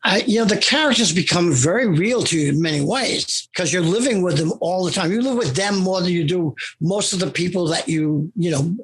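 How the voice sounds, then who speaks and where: An older man, a comic writer interviewed as a guest, telling long anecdotes in an animated, rambling way with frequent restarts. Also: high voice, brisk, few pauses, slight background noise. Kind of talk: anecdotal storytelling in conversation.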